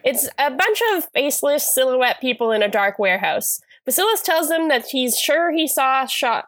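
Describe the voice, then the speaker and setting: Chatty woman with a higher voice. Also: animated, normal speed, fairly bright tone, no room sound. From California. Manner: chatty, self-deprecating, many fillers. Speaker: podcast co-host. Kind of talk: casual chat recapping a TV episode.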